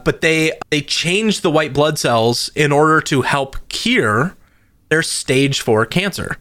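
A man with a slightly high voice co-hosts a casual podcast and tells stories with lively jumps in pitch. He sounds close to the mic in a dry, dead room. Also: slow pace, no echo. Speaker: podcast co-host. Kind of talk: casual chat.

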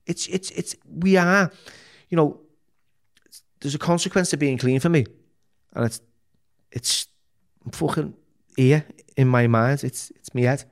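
A man's voice: on the high side, measured pace, long pauses. A man with a Liverpool accent, a podcast guest telling his life story frankly and emotionally, with plenty of swearing and false starts. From Liverpool, England. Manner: frank and emotional, heavy swearing, many restarts. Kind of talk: candid personal storytelling.

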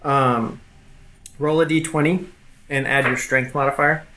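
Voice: medium pitch, steady tone, measured pace, noisy background. A game master narrating a tabletop game, with a hesitant delivery full of fillers and restarts.

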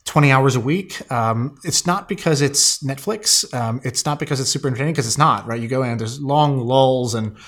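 A man co-hosting a casual podcast chat, with a mid-range voice that is neither high nor low. He rambles, circling back with fillers and restarts as he works through a point. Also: normal speed, hardly any pauses, fairly bright tone. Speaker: podcast co-host.

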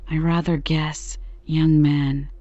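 A woman reading the part of a stern, hollow-voiced old Quaker sea captain, her archaic speech slow and severe, on a dull lo-fi recording. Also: deep voice, little pitch movement, warm tone, no room sound.

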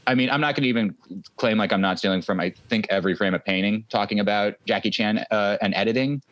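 A man's voice: on the low side, fast talker, a bit bright, no echo, lo-fi sound. A man co-hosting a podcast, chatting casually and analytically about movies and sometimes acting out lines. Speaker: podcast co-host.

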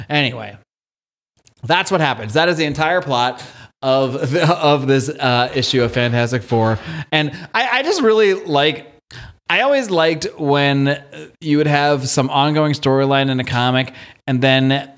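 A young adult man hosting a podcast, talking casually, rambling and laughing between thoughts. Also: a little high. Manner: rambling, laughs often, restarts a lot. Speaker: podcast host. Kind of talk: casual chat.

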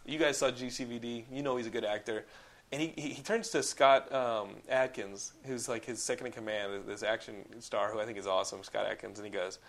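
Man, casual talk, mid-pitch voice, rambling, filler-heavy, profane. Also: fairly even intonation, a little fast, fairly bright tone. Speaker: podcast co-host reviewing films. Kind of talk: casual chat.

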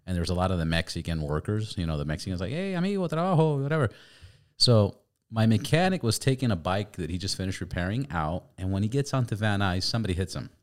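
A man hosting a podcast, chatting casually, swearing freely and telling animated stories. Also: low-pitched, fast talker. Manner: profane, storytelling, animated. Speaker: podcast host. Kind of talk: casual chat.

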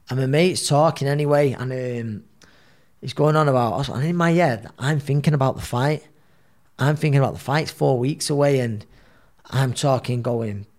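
Rambling man telling a story. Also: mid-range voice. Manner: rambling, re-enacts dialogue. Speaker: professional boxer. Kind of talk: casual storytelling.

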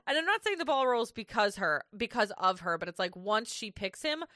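A woman's voice: medium pitch, very animated, brisk, bright, forceful tone, no room sound, studio quality. A woman co-hosting a podcast, chatting casually through a recap and laughing easily as she reads from her notes. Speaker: podcast co-host.

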